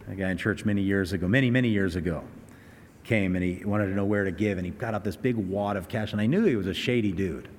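A man's voice: low voice, brisk, long reverb tail, a little hiss or hum. A man preaching a sermon as pastor, telling stories with earnest, rising emphasis. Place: church sanctuary.

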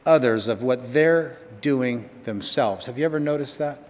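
A male pastor preaching a sermon in a church, emphatic, slowing down and speeding up and rising to stress his points. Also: medium pitch, darkish tone. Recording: long hall reverb.

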